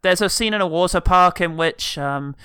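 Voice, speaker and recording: A man's voice: high-pitched, normal speed, sharp tone, clean tone, no echo, clean studio sound. A man co-hosting a podcast, summing up a film with sardonic, mock-earnest sarcasm. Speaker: podcast co-host. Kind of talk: casual chat reviewing a film.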